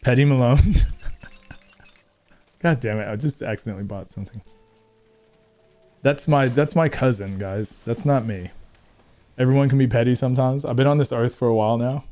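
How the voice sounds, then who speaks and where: Playing a game on stream, a man jokes around with his audience, teasing them and laughing frequently. He talks at a moderate pace and medium pitch, mellow in tone, with long pauses.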